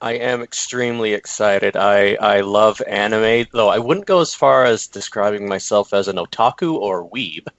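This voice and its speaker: A man's voice: on the low side, normal speed, hardly any pauses, a bit bright, no room sound. A man on a podcast panel chatting casually, often restarting his sentences. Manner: stammering restarts. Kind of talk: casual chat. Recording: dull lo-fi mic.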